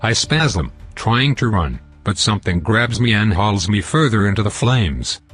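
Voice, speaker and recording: A man narrating a dark fantasy novel in the first person, with a measured, dramatic reading. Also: fairly low pitch, expressive, slightly rough, faint music behind. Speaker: audiobook narrator.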